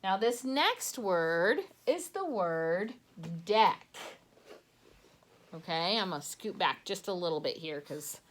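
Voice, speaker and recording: Slow patient woman teacher. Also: medium pitch, very animated. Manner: slow, patient, sounding out letters. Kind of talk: phonics lesson for young children. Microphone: handheld phone or camera tipped toward a worksheet.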